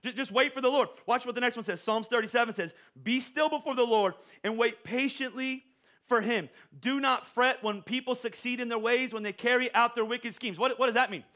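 A middle-aged man preaching a joking, animated sermon as pastor, often stammering and restarting his words. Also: very high-pitched, a little fast. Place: church auditorium.

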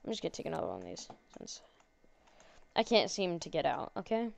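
A woman's voice: sits low, huge pitch swings, brisk, gravelly, no room sound. A woman playing a horror game and commenting on it, sarcastic and jokey, chatting to the characters on screen. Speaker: gaming channel host.

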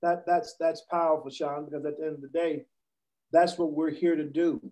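A man hosting a wellness chat speaks in a mellow, warm, slightly high voice. He talks in an upbeat promotional way, stringing words together like a pitch. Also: fairly even intonation, moderate pace, rough recording. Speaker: host of a wellness show.

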